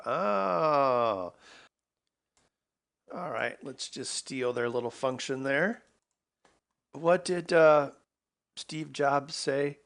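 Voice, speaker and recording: A man's voice: medium pitch, fairly bright tone. A man hosting an electronics video, talking casually to himself as he works through a problem. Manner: muttering to himself while working. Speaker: electronics maker host. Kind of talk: casual work-along narration.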